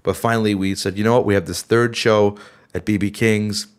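A middle-aged man with a fairly low voice chats on a podcast, sidetracking and restarting as he talks through his band's stories. His voice sounds slightly worn from being sick. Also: fairly even intonation, fairly quick. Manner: rambling, self-interrupting storyteller. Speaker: band member and podcast host. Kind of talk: casual chat.

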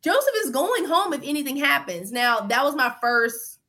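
A young woman telling a story in an interview, emphatic and animated, often acting out the dialogue. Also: high-pitched, moderate pace. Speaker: former reality show contestant.

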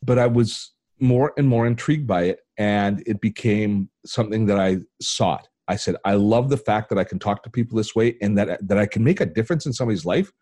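A man's voice: brisk, few pauses. An older man from Canada, a tech channel host telling a personal story as an interview guest, acting out the voices in his anecdotes. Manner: animated storyteller, acts out quoted dialogue with big pitch jumps.

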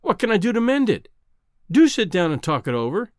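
An earnest, impulsive young man pleads and bargains in a raised, animated voice, played by the male narrator. The reading sounds close and dry, a storybook scene. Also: high voice, brisk, dry recording, pitched above the performer's own voice. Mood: pleading.

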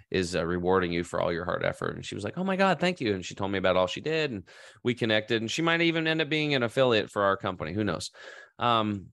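A man's voice: low voice, a bit bright, dry recording, studio quality. A middle-aged man from Oregon casually telling a rambling, enthusiastic story in a vlog and acting out quoted voices. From Oregon, USA. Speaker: vlogger in the health industry.

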